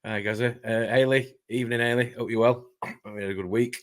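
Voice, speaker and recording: A man hosting a casual live stream, chatting quickly and greeting viewers by name. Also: mid-range voice, steady tone. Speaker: host.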